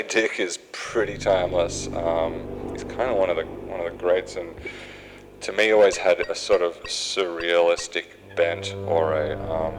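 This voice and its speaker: A man with a deep, low voice and an Australian accent, with a slightly nasal twang, talks loosely over footage of his own game. He drifts off on tangents and fills gaps with ums and uhs. A steady hiss of background noise sits under the voice. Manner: rambling and tangential, full of fillers. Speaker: game developer. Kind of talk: gameplay commentary. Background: game sounds and noise.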